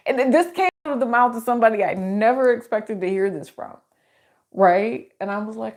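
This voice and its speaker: A woman's voice: fairly high pitch, animated, normal speed, a little mellow. A middle-aged woman giving a casual tarot reading, chatty and rambling, laughing often as she talks. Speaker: tarot reader.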